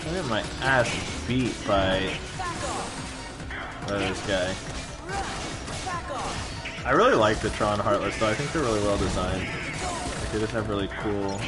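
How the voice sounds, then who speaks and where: A man's voice: lowish voice, unhurried, pauses often. A young man chatting casually while streaming a video game, rambling with many fillers. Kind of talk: casual gameplay chat. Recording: loud game music behind.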